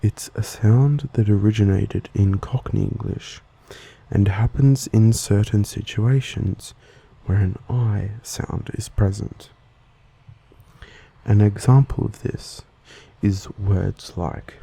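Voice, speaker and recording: A man with an Australian accent giving a soft-spoken, slow ASMR lesson and sometimes slipping into a whisper. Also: fairly low pitch, creaky, breathy edge, rough recording. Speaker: ASMR host teaching accents.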